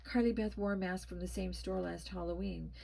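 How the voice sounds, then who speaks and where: A woman voicing a boy changed into an old man, with a shaky, croaking voice and a panicked, pleading way of talking. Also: fairly low pitch, steady tone, a little fast, warm tone, slight background noise. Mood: urgent.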